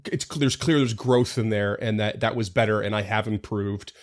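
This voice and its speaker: A man's voice: lowish voice, steady tone, normal speed. Laughing, rambling man as game master. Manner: laughs often, rambling and reflective. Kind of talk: casual podcast chat.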